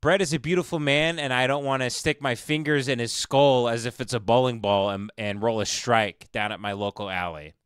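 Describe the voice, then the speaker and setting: A man's voice: mid-range voice, fairly quick, hardly any pauses, a bit bright, clear, resonant tone, no echo, studio quality. A man hosting a live stream, mocking the people in a clip with sarcastic commentary. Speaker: stream host.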